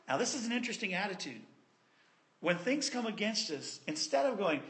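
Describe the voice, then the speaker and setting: A man preaching a sermon in an animated, conversational and playful way. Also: high voice, brisk.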